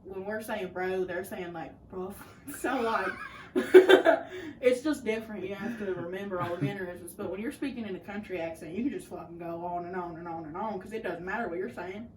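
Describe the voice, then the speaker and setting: A woman's voice: on the low side, fast talker, hardly any pauses, recorded from a distance, a crowd in the background. Laid-back teen girl in an echoey room. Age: teens. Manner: laid-back, filler-heavy, profane. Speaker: co-host. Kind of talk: casual Q&A chat.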